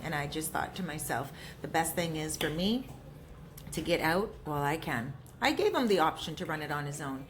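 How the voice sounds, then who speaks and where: Female vlogger, lowish pitch, conversational and rambling, noticeable background noise. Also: lively intonation, normal speed. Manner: chatty, repeats herself, talks with mouth full. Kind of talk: casual talk to camera while eating.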